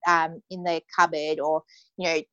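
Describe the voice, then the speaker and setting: A woman's voice: sits low, level tone, normal speed, bright, forceful tone, smooth, dry recording, muffled recording. A young adult woman telling a personal story as an interview guest, casual and full of "like" and "you know". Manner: casual, heavy use of "like" and "you know" fillers.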